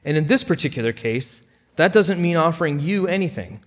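A man's voice: on the high side, lively intonation, fairly quick, long reverb tail, pitched above the performer's own voice. A man voicing a curt, bureaucratic insurance agent who brushes off a claim. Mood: dismissive. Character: cold, dismissive male insurance agent.

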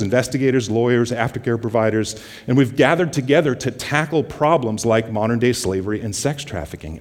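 Man, guest preacher, conversational sermon, quotes scripture slowly and softly, long hall reverb. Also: medium pitch, breathy edge. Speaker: guest preacher from a justice ministry.

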